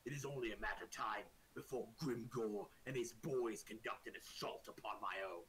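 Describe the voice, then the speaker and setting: A man voicing a grim male orc warlord who speaks slowly and menacingly in short commands. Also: fairly low pitch, a bit bright, slight background noise, lightly acted, rough recording. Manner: slow, menacing, curt commands.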